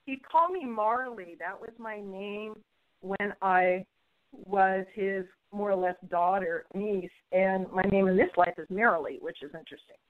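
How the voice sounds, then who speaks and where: A woman guest telling a personal story in an interview, bubbly and animated, acting out what others said. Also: medium pitch, unhurried, narrow, tinny audio. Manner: bubbly, animated storyteller who acts out quoted voices.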